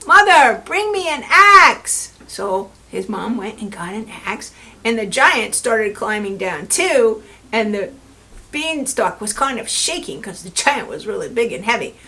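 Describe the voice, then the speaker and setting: A woman librarian reading a fairy tale to children and explaining a craft, gently checking in with them. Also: fairly high pitch. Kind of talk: children's story time reading.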